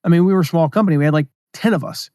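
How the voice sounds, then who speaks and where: A man hosting a solo business podcast, talking casually and reading his own emails aloud with quick asides. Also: on the high side, warm tone, no echo, studio quality. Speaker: podcast host.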